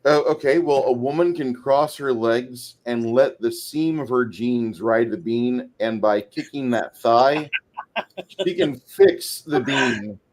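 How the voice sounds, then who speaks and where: A man's voice: mid-range voice, slow, darkish tone. A man in a mid-range voice hosts a casual chat, blunt and crude in his joking. He talks in a plain, offhand way. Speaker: podcast host. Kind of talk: casual chat about a film.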